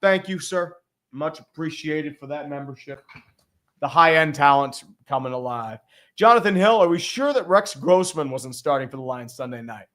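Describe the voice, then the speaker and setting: A man's voice: on the high side, lively intonation, moderate pace, a bit bright. A man hosting a casual sports livestream, talking in a blunt, rambling, profanity-heavy way. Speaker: podcast host.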